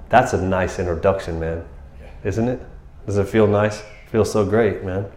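A man giving a casual, animated sermon, talking to the listeners like friends. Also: sits low, moderate pace. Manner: animated, casual, keeps saying "man" and "you know". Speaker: preacher. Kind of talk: conversational sermon. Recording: roomy echo.

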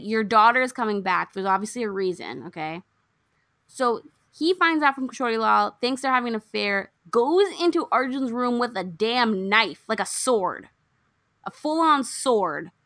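A young woman casually recapping a film plot, acting out the characters' lines with lively swings. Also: medium pitch, no echo, clean studio sound. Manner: animated storyteller, acts out characters' lines. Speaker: podcast co-host recapping a film. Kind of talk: casual chat.

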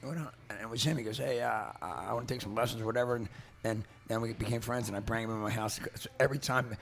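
A man's voice: mid-range voice, steady tone, fast, gravelly, soft background music. A man telling stories in casual chat, swearing often and laughing through them. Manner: profane, laughing storyteller.

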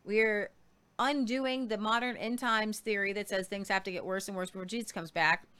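A woman's voice: mid-range voice, fairly even intonation, normal speed, a bit bright, clean tone. A woman hosting a casual news show, earnest and a little preachy, stumbling over foreign names. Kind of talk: casual news commentary with faith talk.

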